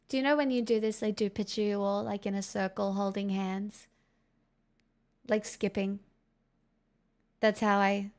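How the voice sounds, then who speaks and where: Playful, smooth-voiced female streamer. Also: on the high side. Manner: playful, giggly, teasing. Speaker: livestreamer. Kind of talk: casual livestream chat.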